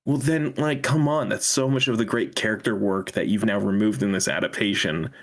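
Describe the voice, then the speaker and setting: A young man with a fairly low voice talks on a podcast in a loose, casual way. He rants with animation and now and then slips into mocking high-pitched voices. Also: fairly quick. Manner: animated ranting, mock high-pitched impressions. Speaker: podcast co-host. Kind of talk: casual chat.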